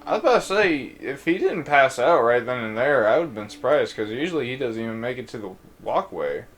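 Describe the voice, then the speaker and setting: A man's voice: mid-range voice, big pitch swings, brisk, soft background music. A young man casually commenting on a video game he is playing, rambling and reading game text aloud. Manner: loose, with frequent restarts and fillers. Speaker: let's play gamer.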